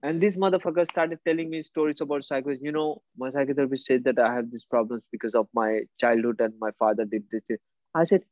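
A man telling stories in a casual chat, swearing freely and talking with animated emphasis. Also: medium pitch, quick pace, no echo. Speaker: therapist and podcast co-host. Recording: dull, muffled sound.

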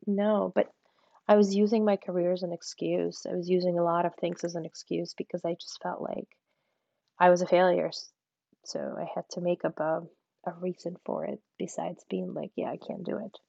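A woman guest speaking candidly in an interview, telling her story in a frank, animated way and acting out what other people said. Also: moderate pace, gravelly, dry recording. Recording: muffled low-fidelity audio.

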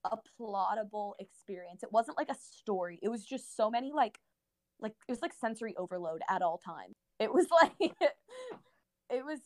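A young woman co-hosting a podcast, telling a story in a lively way with lots of filler words. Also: medium pitch, moderate pace, no echo, clean studio sound. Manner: animated storytelling with many fillers. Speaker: podcast co-host. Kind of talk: casual chat.

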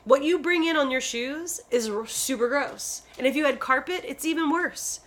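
A woman's voice: sits high, normal speed, a bit bright. A woman co-hosting a casual chat, talking in a rambling way and swearing offhandedly.

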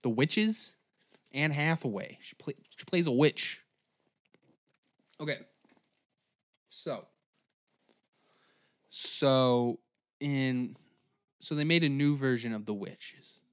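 A man ranting angrily, profane and shouty. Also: mid-range voice, slow, long pauses, dry recording, studio quality. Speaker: comedy podcast host. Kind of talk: angry comedic rant.

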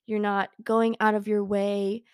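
A woman's voice: medium pitch, level tone, measured pace, clean tone, no echo, studio quality. A young woman hosting a casual talk show, chatty and bubbly, giggling often as she reads from a book. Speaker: podcast host. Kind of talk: casual chat with book readings.

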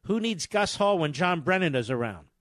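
A man's voice: a little high, expressive, normal speed, a bit bright, no echo. A middle-aged man hosting a talk radio show, delivering scornful, combative commentary with hammering repetition.

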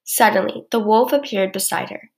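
A woman narrating a children's storybook in an expressive, measured way. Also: mid-range voice, heavy background noise. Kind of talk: storybook reading.

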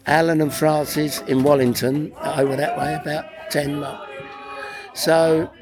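A man's voice: fairly high pitch, flat delivery, measured pace. An older man from England, rambling bluntly and swearing freely as he reminisces in an interview. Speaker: interviewee, veteran singer. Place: busy convention venue. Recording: loud music behind the voice.

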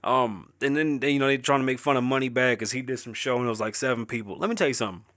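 A man's voice: mid-range voice, racing, a bit bright, dry recording. A young man hosting his own show, rambling loosely and swearing constantly as he riffs casually, speaking as a rapper. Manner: rapper, says he is an artist. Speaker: show host. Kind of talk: casual profane monologue.

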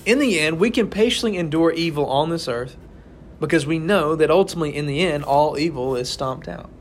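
A man's voice: fairly high pitch, fairly quick, a little hiss or hum. A young man leading a casual Bible study, talking to the group and checking in with "right?" again and again. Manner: conversational, keeps asking "right?". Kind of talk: informal sermon to a small group.

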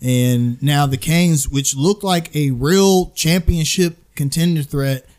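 A man's voice: fairly high pitch, darkish tone. Chatty man in sports banter. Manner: opinionated, chatty, quick asides. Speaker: podcast co-host. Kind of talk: casual sports talk.

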